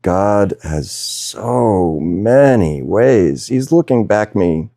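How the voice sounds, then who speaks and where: A man giving a satsang talk as a spiritual teacher, speaking slowly and reflectively with pauses and soft laughs. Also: lowish voice, lively intonation, no echo, clean studio sound. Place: video call session.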